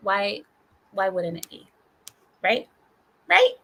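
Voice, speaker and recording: A hoarse woman hosting a casual live stream, teasing and scolding her viewers in a mock-stern way. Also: mid-range voice, sing-song, slow, a bit bright, slight background noise. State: hoarse from screaming. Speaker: livestream host.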